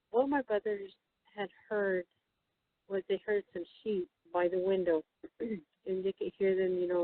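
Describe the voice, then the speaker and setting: A woman guest telling a story in a halting, casual way, with many fillers and restarts as she quotes other people. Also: lowish voice, no echo. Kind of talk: casual storytelling over the phone. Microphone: telephone. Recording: tinny dry phone line.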